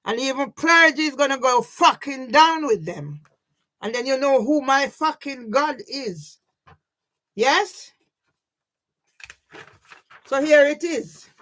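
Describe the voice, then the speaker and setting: A woman's voice: sits high, fairly bright tone. A woman talking straight to her own camera in an emotional vlog, agitated, swearing a lot and often tossing in a questioning "yeah?". She sounds sleepless and overwrought. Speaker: vlogger. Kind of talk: emotional personal vlog monologue.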